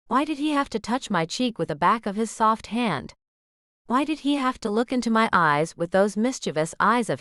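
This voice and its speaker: Expressive woman reading a romance. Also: a little high, no echo, clean studio sound. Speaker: audiobook narrator. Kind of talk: first-person romance narration.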